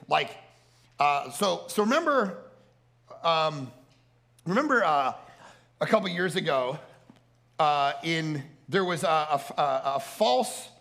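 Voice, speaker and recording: A man preaching a storytelling sermon at a family camp, animated and prone to repeating words and restarting sentences. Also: high-pitched, gravelly. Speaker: camp speaker.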